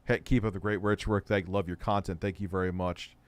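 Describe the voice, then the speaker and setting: A man's voice: sits low, fairly even intonation, a little fast, clean tone, dry recording. Sarcastic man ranting over clips, dry sound. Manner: sarcastic, exasperated, swears freely. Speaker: host. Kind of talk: casual commentary reacting to clips.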